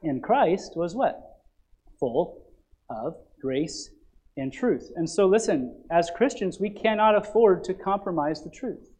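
A man preaching a sermon as pastor, swinging from loud emphatic passages to quiet low ones and asking the congregation to fill in words. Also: expressive, slow, husky.

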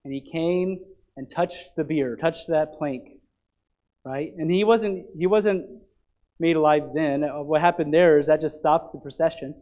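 A man's voice: a little high, unhurried, mellow, low-quality recording. A male pastor giving an earnest, conversational sermon in a church, asking his listeners rhetorical questions.

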